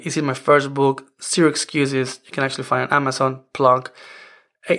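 Hosting a self-help podcast, a non-native English speaker in his forties talks earnestly and rambles, restarting often with "I mean." His voice is a little high and fairly bright, with some vocal fry.

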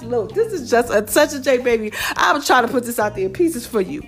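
A woman hosting a podcast, giving a lively, preachy motivational talk, calling her listeners baby and y'all. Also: on the high side, moderate pace, soft background music. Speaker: podcast host.

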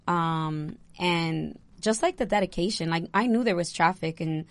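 A young woman, a bride, chatting casually and telling an animated story with lots of "like". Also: lowish voice, moderate pace, no echo. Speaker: bride recounting her wedding. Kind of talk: casual chat.

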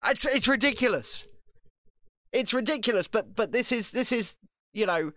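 A man's voice: very high-pitched, lively intonation, moderate pace, a bit bright, no room sound, clean studio sound. A man co-hosting a podcast, ranting and swearing in casual political chat, often repeating himself. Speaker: podcast co-host.

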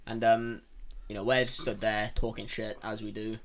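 A man's voice: lowish voice, flat delivery, normal speed. A man co-hosting a casual podcast chat, swearing freely and acting out the lines of people in his stories. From Wales. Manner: swearing storyteller, acts out quotes loudly. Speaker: podcast co-host.

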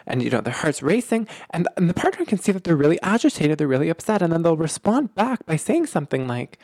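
A podcast host explaining relationship ideas in casual, animated talk, full of fillers, restarts and emphatic repeats. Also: medium pitch, fast, hardly any pauses, no echo, clean studio sound. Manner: animated, emphatic, lots of filler words and repetition.

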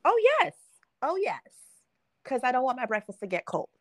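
A woman's voice: sits high, big pitch swings, moderate pace, no room sound. A young adult woman hosting a podcast, telling a story in casual chat and acting out the quotes, laughing often. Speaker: podcast host.

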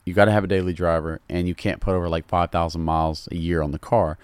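A man with a Southern drawl talks in a deep, low register, loose and unhurried. He chats casually as a podcast guest, throwing in "bro" often. The sound is dry and close. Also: level tone, smooth, no echo. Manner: laid-back, loose, calls people bro. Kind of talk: casual chat.

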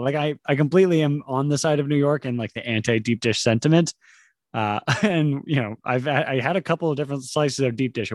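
A comedian in his thirties, guesting on a casual podcast, rambles and laughs often, slipping into mock voices. His medium-pitched voice is recorded in studio quality with no room sound.

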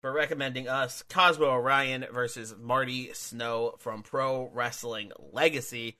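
Male podcast co-host, bright tone, rambling filler-heavy delivery. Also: medium pitch, fairly even intonation, unhurried. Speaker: podcast co-host reviewing wrestling matches. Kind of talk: casual chat.

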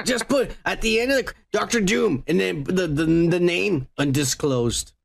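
A man's voice: high voice, unhurried, creaky. A man hosting a podcast in profane, blunt, joking casual chat. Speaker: podcast host.

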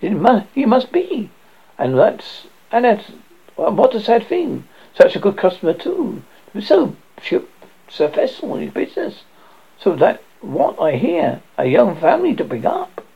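A man's voice: sits high, huge pitch swings, measured pace, creaky, husky, pitched above the performer's own voice, exaggerated voice. A man doing a frightened innkeeper, raised and quavering. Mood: distressed. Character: frightened middle-aged male innkeeper. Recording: dull lo-fi recording.

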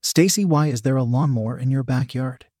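A man's voice: medium pitch, brisk, mellow, dry recording, close to an everyday voice. Guy reading a nosy gossipy lady friend, mid voice, dry sound. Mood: curious. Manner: prying, questioning. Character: curious, gossipy female friend.

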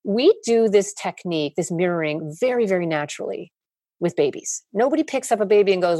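Gravelly, husky woman therapist explaining. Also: medium pitch, lively intonation, quick pace, warm tone, no echo. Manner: explains steadily and acts out quoted parents and children. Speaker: child and family therapist. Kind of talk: explanatory podcast interview.

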